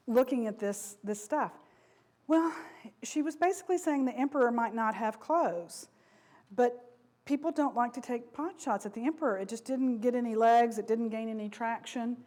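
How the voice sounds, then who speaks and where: Here a former company vice president, a middle-aged woman, addresses an audience plainly and casually, often going off on asides and starting over. She has a medium-pitched, somewhat mellow voice.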